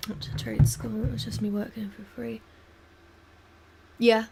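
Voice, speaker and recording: A young woman with a Southern US accent, chatting casually on a livestream in a halting, rambling way with many restarts. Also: on the high side, flat delivery, gravelly, very noisy. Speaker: livestream host. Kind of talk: casual chat while painting on stream.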